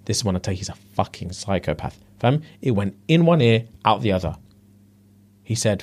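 A man tells a story on a casual podcast, voicing each character as he goes. His pitch leaps around, and his speech is full of street slang. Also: a little fast. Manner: animated storyteller, acts out quotes, heavy slang. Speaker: podcast co-host. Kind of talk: casual chat, retelling a reality show.

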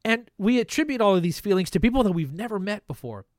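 Casting: higher-voiced male podcast host, playful yet earnest, close, dry recording. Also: sing-song, quick pace, dry recording. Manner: playful, then earnest when asking questions. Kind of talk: casual chat.

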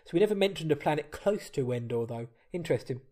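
A high-voiced male podcast co-host talks fast with upbeat, chatty energy. Full of banter, he reads listener messages and riffs on them in a casual, friendly way.

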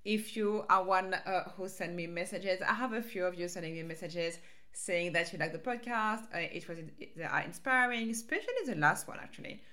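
A woman's voice: on the low side, brisk, pushed and bright. French-accented woman hosting a chatty podcast. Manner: chatty, upbeat, with fillers and restarts. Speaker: podcast host and life coach. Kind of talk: casual solo podcast.

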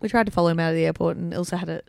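A young woman co-hosting a podcast in casual, animated chat, telling stories with swearing and laughter. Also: on the low side, very fast, vocal fry, no echo, studio quality. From Australia. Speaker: podcast co-host.

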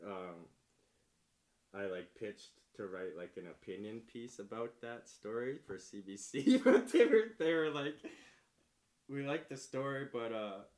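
A man's voice: lowish voice, lively intonation, measured pace, a little mellow. A young man telling a story in a casual chat, laughing often and saying "like" a lot. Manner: laughs often, heavy use of "like".

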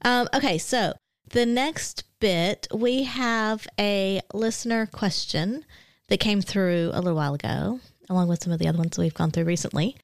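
A woman's voice: mid-range voice, normal speed, creaky, dry recording. Laid-back woman co-host on a dry mic. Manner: relaxed, laughs easily. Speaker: podcast co-host. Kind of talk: casual chat.

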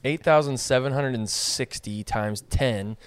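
A man's voice: mid-range voice, measured pace, smooth, dry recording. A young man co-hosting a podcast, chatting casually and thinking aloud with lots of fillers. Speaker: podcast co-host. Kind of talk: casual chat.

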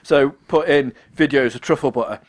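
A man's voice: on the high side, moderate pace, dry recording. A man co-hosting a casual podcast, joking and teasing the others. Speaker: podcast co-host. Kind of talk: casual chat.

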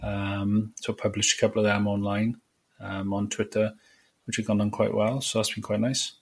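A young man chats as a podcast co-host in a low, husky voice. He rambles amiably and often pauses to search for words. The breathy grain stays throughout. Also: little pitch movement. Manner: chatty, hesitant with frequent ums. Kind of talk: casual chat.

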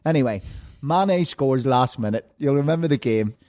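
A man hosting an interview show, playful and animated as he tells stories and quizzes his guest. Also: mid-range voice, moderate pace. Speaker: host. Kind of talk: lively interview chat.

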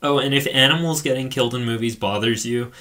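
A man's voice: mid-range voice, fast talker, pushed and bright. A man co-hosting a casual film podcast, talking in a loose, rambling way with plenty of swearing and fillers. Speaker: podcast co-host.

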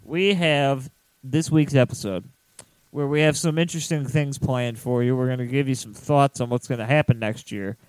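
Male podcast host, smooth clear voice, dry close sound, loose and rambling. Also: medium pitch, fairly even intonation, moderate pace, a little mellow, no echo, low-quality recording. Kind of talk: casual podcast chat.

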